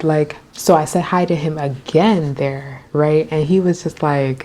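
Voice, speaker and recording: A young woman with a notably low voice tells a story for her vlog. She is chatty and animated, leaning on fillers as she goes. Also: moderate pace, few pauses, a little hiss or hum. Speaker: vlogger.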